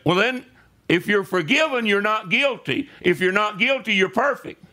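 His voice is high-pitched, animated, bright and forceful, moving at a normal speed as he preaches. The man is a pastor giving a conversational sermon in a church sanctuary, often pausing to check in with listeners with a quick "right?"

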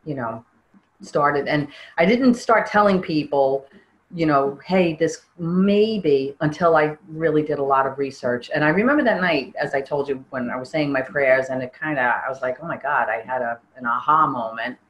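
Earnest woman with a low voice. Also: low-quality recording. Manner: earnest, halting, with frequent restarts. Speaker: interviewee. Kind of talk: personal testimony interview.

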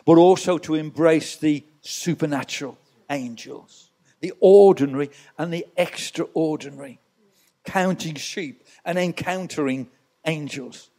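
Man preaching a sermon, slightly high voice. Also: a little slow, dark tone. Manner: storytelling, rhetorical asides to the congregation. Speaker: pastor. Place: church.

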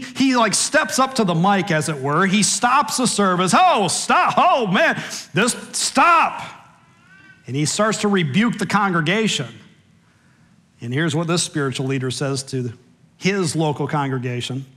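An American man preaching a sermon as pastor in a church, animated, with sudden drops to a low, quiet voice for asides. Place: church sanctuary.

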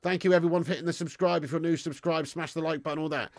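A man's voice: a little high, fairly even intonation, very fast, no room sound, studio quality. A young man hosting a live football watch-along, reading out viewer comments and sounding frustrated, blunt and given to casual swearing. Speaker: football fan channel host.

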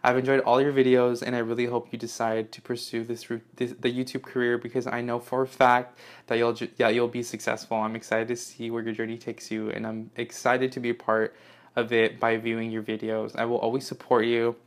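Young guy unboxing fan gifts, gushy and sweary, gasps and squeals a lot, mid-pitched. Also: monotone, fairly quick. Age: young adult. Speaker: YouTuber unboxing fan mail. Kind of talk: excited casual vlog.

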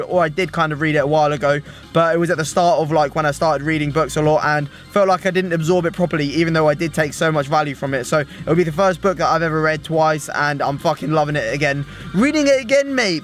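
Starting at home before heading out by car and then outside, a young British man talks to the camera in a relaxed vlog. His English-accented voice sits a little high with a fairly bright tone, full of slang, swearing and tacked-on "mate"s.

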